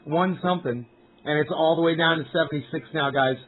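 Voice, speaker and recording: A man's voice: fairly high pitch, a little fast. A man chatting casually on a live stream from up on a mountain, rambling, swearing freely and talking to his viewers. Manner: rambling, profane, talks to chat viewers. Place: outdoors up on a mountain. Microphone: cell phone. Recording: tinny phone-quality stream audio.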